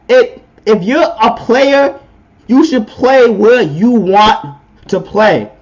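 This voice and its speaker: A man's voice: very high voice, takes it slowly, highs cut off. A man co-hosting a podcast, giving a blunt, opinionated sports rant in casual talk. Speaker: podcast co-host.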